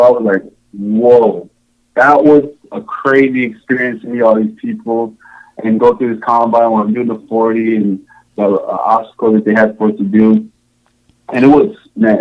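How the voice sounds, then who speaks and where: A man's voice: medium pitch, highs cut off. A man from Samoa, a podcast guest, recounting his story in a casual, rambling way with many fillers and restarts. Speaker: podcast guest, show contestant.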